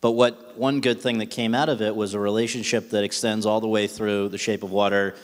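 A man's voice: fairly low pitch, little pitch movement, a little fast. A man moderating a festival interview, asking questions with small restarts, on the stage of a large hall. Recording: long hall reverb.

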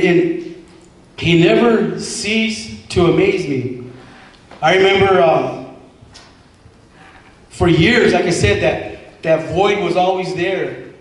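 A man in his forties giving an earnest personal testimony to a congregation, repeating himself and acting out quoted dialogue, recorded from a distance in a large church hall. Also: high voice. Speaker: former member giving testimony. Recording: echoey hall from far off, faint hiss.

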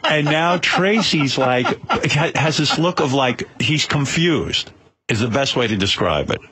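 A man on a talk radio show telling a story excitably and stammering through his restarts. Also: mid-range voice, unhurried, noisy background.

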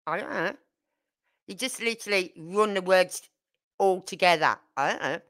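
A woman hosts a casual livestream and tells animated stories about her own life. She acts out both sides of each exchange. Her voice sits a little low but comes across bright and forceful. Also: normal speed. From Birmingham, England. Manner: animated storyteller acting out dialogue. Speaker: livestream host. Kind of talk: casual live chat.

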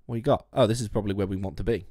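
A man's voice: on the low side, rapid-fire, warm tone, no echo. A man livestreaming a trucking game, chatting with his viewers, swearing and laughing at his own mistakes on a musician's mic. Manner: sweary, self-mocking, laughs a lot. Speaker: streamer. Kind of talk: casual game livestream chat. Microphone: studio musician mic.

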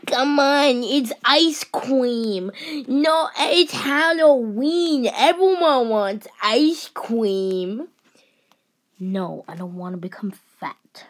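A woman's voice: a little high, animated, extremely slow. A woman playing through a silly skit, who talks playfully and keeps dropping into mumbled whispers. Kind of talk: playful toy-play voices.

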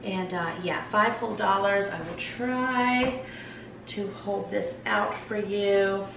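A woman's voice: mid-range voice, slow, creaky, background noise. A woman in her forties, a mom showing off her thrift store finds at home in a chatty, gushing, rambling way. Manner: gushing, enthusiastic, rambling asides. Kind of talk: chatty haul vlog. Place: at home, in a sitting area. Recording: roomy echo, voice heard from a distance.

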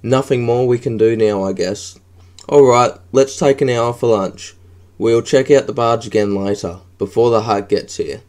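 A man's voice: mid-range voice, normal speed, a little mellow, close to an everyday voice. A man voicing an exacting alien mechanic who talks curtly and businesslike in an audiobook.

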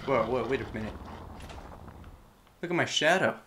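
A young man giving casual, joking commentary on a horror game, chatting to the characters and breaking into loud yelps. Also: medium pitch, animated, moderate pace, a little hiss or hum. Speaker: gameplay commentator.

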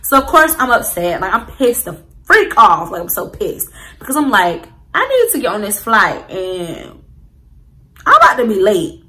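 Bright-voiced young woman telling a story. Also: medium pitch, moderate pace, low-quality recording. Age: young adult. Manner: animated, slangy, talks straight to viewers. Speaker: vlogger. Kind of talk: casual storytime.

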